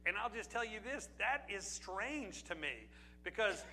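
A man's voice: sits high, big pitch swings, measured pace, vocal fry, pushed and bright, a little hiss or hum, low-quality recording. A man from Pennsylvania preaching a sermon as pastor, in a conversational way with rhetorical questions and asides to the congregation.

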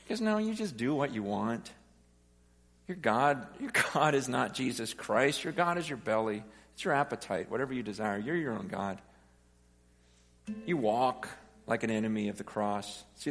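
A man's voice: medium pitch, animated, moderate pace. A man, a pastor, preaching a sermon, quoting scripture and asking rhetorical questions with rising intensity. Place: church hall. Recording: live sermon with long hall reverb and soft guitar behind. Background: faint guitar music.

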